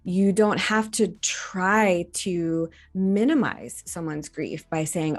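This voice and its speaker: A woman doctor in her forties, giving an educational talk to camera in an earnest, gently instructive way. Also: fairly low pitch, takes it slowly, few pauses. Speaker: reproductive endocrinologist.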